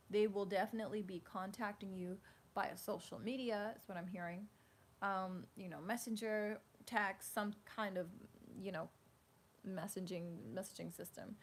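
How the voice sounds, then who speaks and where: A woman giving a casual tarot reading at home, rambling and animated, full of fillers. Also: mid-range voice. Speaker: tarot reader. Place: home room with a fan running. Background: faint fan hum.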